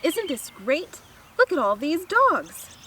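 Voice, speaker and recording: A woman's voice: sits high, sing-song, unhurried, bright, forceful tone, a little hiss or hum, full character voice. A woman voicing a cheerful man who owns a dog, speaking in an upbeat, enthusiastic way in a storybook reading. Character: cheerful man, a dog's owner.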